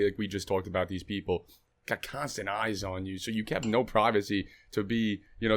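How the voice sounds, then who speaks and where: A man appearing as a guest artist on a podcast, telling his story in a relaxed way with fillers and the odd swear word. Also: lowish voice. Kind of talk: casual chat.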